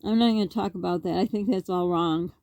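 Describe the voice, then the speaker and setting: A woman's voice: fairly low pitch, fairly quick, gravelly, a little mellow, dry recording. A middle-aged woman from Canada talking straight to camera in a rambling, worked-up vlog monologue, full of rhetorical questions. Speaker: vlogger.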